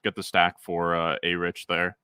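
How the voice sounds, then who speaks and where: A young man with a fairly low voice streams a fantasy football draft from home, rambling and talking back to his chat. His voice sounds dry and close on a desk mic. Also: completely flat delivery, normal speed, pushed and bright, clean tone, no room sound. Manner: rambling, talks to chat, frequent fillers. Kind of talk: casual livestream chat.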